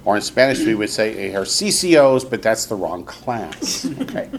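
A man's voice: lowish voice, very animated, moderate pace, gravelly, a little hiss or hum. A man teaching a classroom language lesson, patiently repeating his students' answers before explaining.

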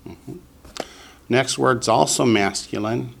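A man teaching a Hebrew vocabulary lesson to a class, patient and slow, repeating each word for the students. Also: mid-range voice, vocal fry, a bit bright, a little hiss or hum.

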